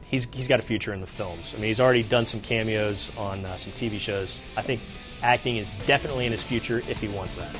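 Animated man co-hosting a sports show. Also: lowish voice, music in the background. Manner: animated storyteller, does a quick impression. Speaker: co-host. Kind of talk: casual sports show chat.

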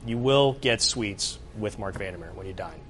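A man co-hosting a sports show, chatting casually and telling lively stories. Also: lowish voice, loud music behind the voice. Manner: animated storyteller, does a quick impression. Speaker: co-host.

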